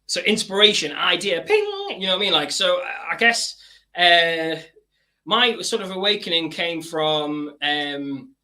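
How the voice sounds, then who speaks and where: A man from northeast England speaking as a guest on a remote video call. His diction is careful and stage-trained, softened by frequent hedging fillers. His voice is very bright and cutting, a little high in pitch. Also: unhurried. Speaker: activist guest. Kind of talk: casual interview chat.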